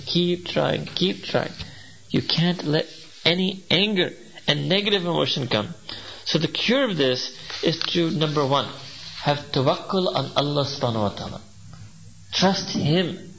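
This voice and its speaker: A male preacher with a somewhat high, gravelly voice gives a religious talk and often pauses to ask listeners "hmm?". He weaves Arabic religious terms into his English. The recording is dull and lo-fi, with faint background noise. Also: a bit bright. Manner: rhetorical, checks in with listeners by asking "hmm?". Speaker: Islamic preacher.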